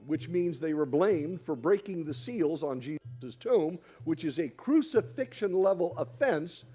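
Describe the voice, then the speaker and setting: A man's voice: fairly high pitch, dark tone. A man speaking at a church dinner, teaching the audience in a friendly way and coaxing them to repeat after him. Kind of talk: sermon-style teaching. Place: hall with an audience.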